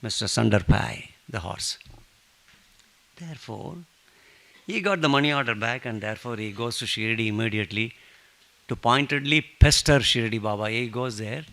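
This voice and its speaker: A man leading a satsang, telling a devotional story with lively joking asides. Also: medium pitch, moderate pace, gravelly. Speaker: satsang speaker.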